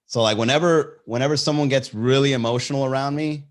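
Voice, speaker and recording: A young man hosting a comedy podcast, telling a dating story with lots of swearing and high-pitched impressions. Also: fast talker. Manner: animated, swearing, acts out voices in a high pitch. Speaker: podcast host.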